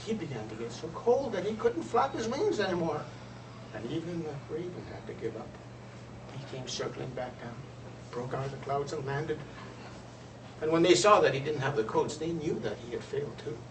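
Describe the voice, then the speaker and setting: A man telling a traditional folk tale aloud in an expressive storyteller's manner. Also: a little high, moderate pace, slight background noise. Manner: expressive, lively voices for characters. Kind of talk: oral storytelling. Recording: roomy, distant, faint ambience.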